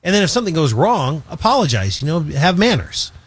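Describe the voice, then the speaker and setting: A man co-hosting a casual radio show, his voice sitting a little high. He rambles and circles back with plenty of fillers. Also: big pitch swings, a little fast, slightly rough.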